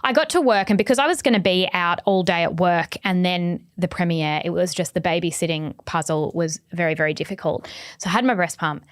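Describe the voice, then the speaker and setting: A woman's voice: lowish voice, brisk, no echo, clean studio sound. A woman in her thirties with an Australian accent, co-hosting a casual chat podcast and telling a story animatedly, acting out her own quotes. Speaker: podcast co-host.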